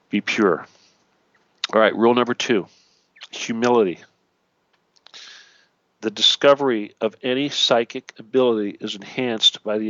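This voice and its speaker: A man's voice: on the low side, a bit bright, no echo, dull audio. A man hosting an internet radio talk show, teaching in a preachy way, often checking in with "okay" and "all right" and adding jokey asides.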